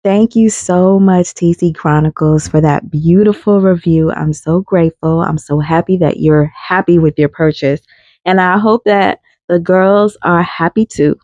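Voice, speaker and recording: A woman's voice: fairly low pitch, a little slow, no room sound. A woman glass artist narrating her craft video and thanking a customer gratefully. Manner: grateful, warm-hearted thanks. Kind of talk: vlog narration. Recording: dull, dry lo-fi audio.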